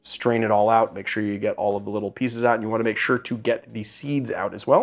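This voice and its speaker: A man's voice: lowish voice, fast, vocal fry, few pauses. A man hosting a casual cocktail how-to from his home bar studio, chatty and self-deprecating with rambling asides. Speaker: bartender host.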